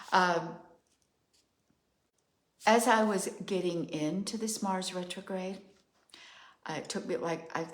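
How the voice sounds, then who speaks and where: An older woman speaks slowly in a low voice, thinking out loud as she talks. Her musing, measured monologue has an astrologer's unhurried calm. The room around her adds a roomy echo. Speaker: astrologer host. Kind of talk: reflective solo monologue.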